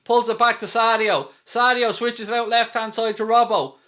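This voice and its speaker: A man hosting a live football watchalong, calling the play and reading out viewer super chats, getting excited at big moments. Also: very high-pitched, moderate pace. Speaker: watchalong host. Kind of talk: live match commentary and chat.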